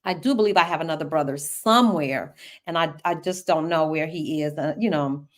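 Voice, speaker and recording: A middle-aged American woman runs a casual live-stream Q&A, answering viewer questions. Her voice is deep and fairly quick, and she's chatty and animated, laughing often and speaking straight to her audience.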